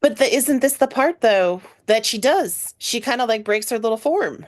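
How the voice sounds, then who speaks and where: A woman's voice: fairly high pitch, animated, moderate pace. A woman co-hosting a podcast in casual chat, talking with gushing fan enthusiasm. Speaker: podcast co-host.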